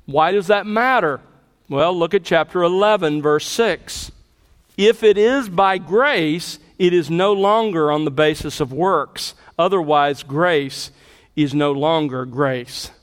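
A man preaching a sermon, earnest and emphatic, slowing on key phrases and asking rhetorical questions. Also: a little high, long reverb tail. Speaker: pastor.

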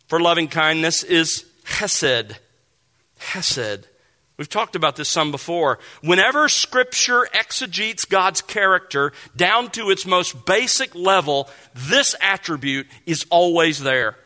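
A man preaching an expository sermon, reading Bible verses aloud and explaining them in a measured, emphatic way. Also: on the high side, bright, forceful tone. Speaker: pastor.

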